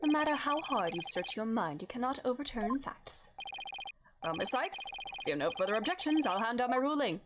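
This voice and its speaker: A woman voicing a fussy, bewildered old male judge, with a lowered, hurried delivery. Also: big pitch swings, noisy background. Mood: stern. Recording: game music behind the voice.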